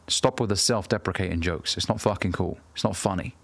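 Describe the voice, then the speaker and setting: Male coach, 30s, low gravelly voice, blunt and preachy with plenty of swearing, dry close recording. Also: brisk, no echo. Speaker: dating and self-improvement coach. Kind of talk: direct-to-camera advice talk.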